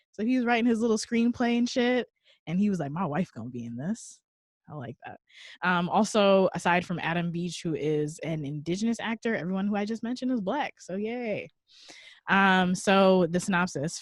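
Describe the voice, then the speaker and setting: A woman's voice: on the low side, no room sound, clean studio sound. A woman co-hosting a casual podcast, reviewing a film in a candid, joking way and reading her notes aloud. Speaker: podcast co-host.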